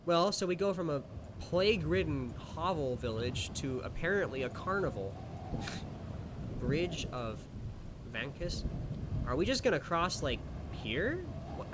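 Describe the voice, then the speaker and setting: A man streaming a gamebook playthrough, reading the passages aloud and musing between them in an animated way. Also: on the high side, measured pace, background noise.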